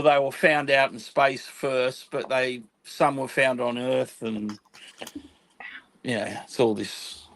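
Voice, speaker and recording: A man's voice: medium pitch, a bit bright, a little hiss or hum, poor audio. A man chatting casually on a stream while building a model, rambling through explanations and laughing often. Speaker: guest on stream.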